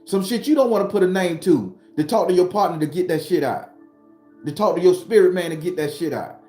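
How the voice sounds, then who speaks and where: In a casual motivational monologue from behind his home studio, a man with a high, dark-toned voice speaks a little fast over faint background music. The room sounds spacious, and as a spiritual vlogger and tarot reader he preaches bluntly and profanely, repeating phrases.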